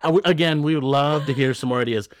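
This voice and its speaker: A man's voice: fairly high pitch, fast talker, no room sound, studio quality. A man co-hosting a podcast in loose, joking casual chat, swearing freely. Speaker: podcast co-host.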